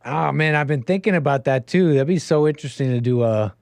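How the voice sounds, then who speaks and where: A man's voice: a little high, a little fast, creaky, darkish tone, no room sound. A man from Canada hosting a call-in show, chatting casually with a caller and laughing often. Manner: laughs often, easygoing banter. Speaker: radio show host.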